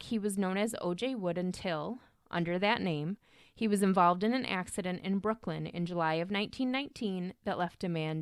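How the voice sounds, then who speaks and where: A woman's voice: fairly low pitch, clear, resonant tone, no echo, studio quality. A young adult woman hosting a podcast, telling a true crime story in a casual, chatty way, swearing and wandering off on tangents. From Michigan. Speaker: podcast host.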